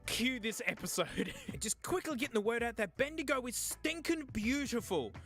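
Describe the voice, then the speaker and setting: A young South Australian man vlogging casually, joking and breaking into shouts as he browses a second-hand shop. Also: normal speed, soft background music. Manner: animated, jokey, bursts into high shouting. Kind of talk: casual comedic thrift-shop vlog.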